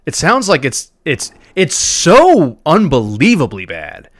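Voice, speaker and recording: A man streaming a game live, giving animated, mocking commentary with laughs. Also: a little high, slow pace, no room sound, studio quality.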